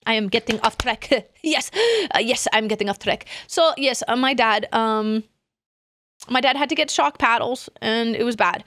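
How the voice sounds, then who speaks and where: A young adult woman streaming, chatting casually in a rambling, animated way that trails off into asides. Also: on the high side, normal speed, dry recording, clean studio sound. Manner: rambling, animated, self-interrupting with laughs. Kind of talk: casual chat.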